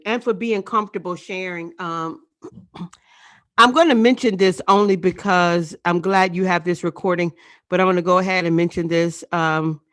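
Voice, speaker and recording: A spoken word poet, a woman with a fairly low voice, speaks to her audience over a video call. Her delivery is emphatic and rhythmic. She leans on repetition to drive her points home. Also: fairly bright tone. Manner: emphatic, rhythmic, repeats phrases for effect. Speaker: spoken word poet leading an online event.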